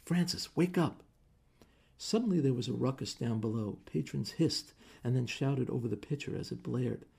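A man reads a story aloud in measured, steady narration. His voice is gravelly and dark, with a husky edge. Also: medium pitch.

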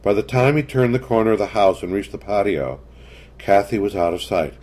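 A man narrating a story in a measured, scripted reading. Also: lowish voice, animated, a little mellow.

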